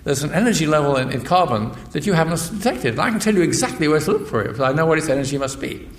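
An older man acting out a determined male scientist who urges colleagues to look again, speaking insistently and a bit higher than usual. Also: animated, rapid-fire, natural voice. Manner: insistent, urgent. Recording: echoey lecture hall.

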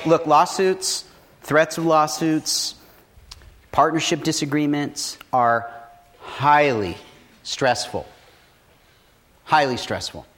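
A man giving casual, blunt business advice, swearing freely and telling stories in an animated way. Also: a little high. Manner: profane, blunt, animated storytelling. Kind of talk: casual motivational talk.

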